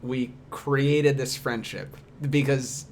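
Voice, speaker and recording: A man's voice: mid-range voice, takes it slowly, a little hiss or hum. A young man hosting a podcast, chatting casually and expressively with his guest. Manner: expressive, laughing, animated delivery. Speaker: podcast host. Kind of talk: casual chat.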